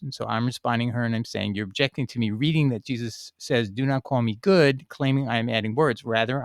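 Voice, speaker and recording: A man's voice: medium pitch, no echo, clean studio sound. A man explaining a scripture passage to a viewer while sharing his screen, in a rambling, emphatic teaching style with frequent restarts. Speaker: Bible teacher answering a viewer. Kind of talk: casual screen-share teaching.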